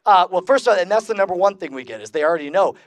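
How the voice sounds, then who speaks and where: A man's voice: high voice, expressive, a little fast, dry recording. A man giving a live convention lecture to an audience in a casual, jokey, profane way, with lots of filler sounds. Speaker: lecturer and magician. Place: convention talk before an audience.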